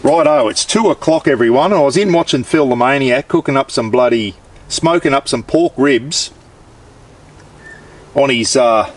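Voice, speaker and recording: A man's voice: medium pitch, lively intonation, normal speed. An Australian man chatting casually while cooking outdoors in his backyard, laid-back and with mild swearing. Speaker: cooking vlogger.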